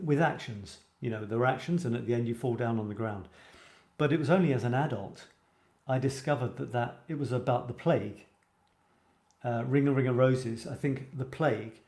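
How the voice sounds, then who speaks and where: A man's voice: mid-range voice, a little mellow. Male livestream host, chatty and enthusiastic, roomy echo on the voice. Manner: chatty, enthusiastic, reads comments aloud. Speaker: host of a live writing show. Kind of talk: casual live-stream chat. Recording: roomy echoey sound.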